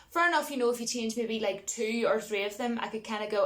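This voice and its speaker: A woman's voice: on the high side, fast, hardly any pauses, a bit bright. A woman vlogging her opinions on film remakes in a casual, exasperated rant, with frequent asides to her viewers. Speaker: vlogger reviewing films.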